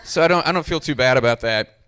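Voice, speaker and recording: A man's voice: medium pitch, fast, a bit bright, clear, resonant tone. Dry young male stand-up comic. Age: young adult. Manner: dry, self-deprecating delivery. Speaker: stand-up comedian. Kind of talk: stand-up comedy set.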